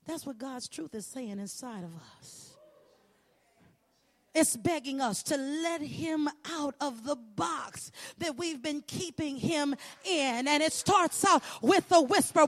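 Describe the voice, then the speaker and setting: A woman preaching an impassioned sermon, building repeated lines into ringing shouts. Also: extremely high pitch. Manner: rhythmic repetition, building to shouts.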